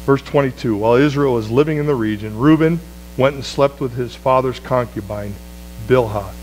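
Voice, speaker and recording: A man preaching a sermon as pastor, swinging from loud, high exclamations to low, quiet phrases. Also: moderate pace, a little hiss or hum, rough recording.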